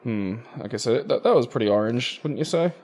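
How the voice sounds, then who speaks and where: A man's voice: mid-range voice, lively intonation, a little fast, a little mellow. A man, hosting a casual let's play chat, rambling and swearing freely while he mutters through a puzzle. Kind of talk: casual chat over gameplay.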